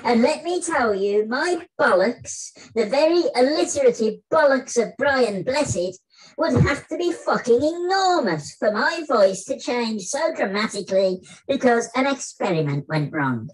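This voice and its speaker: A man putting on a high-pitched voice as a blustering, famous older actor in a comic spoken-word piece over a video call. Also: big pitch swings, measured pace, full character voice, poor audio. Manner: blustering, indignant comic monologue.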